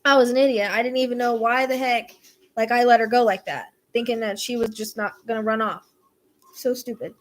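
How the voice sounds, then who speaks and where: A woman's voice: a little high, steady tone, brisk. Rambling, exasperated woman telling a story. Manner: rambling, exasperated, swears casually. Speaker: psychic podcast host. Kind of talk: casual storytelling chat. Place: rural property with acreage.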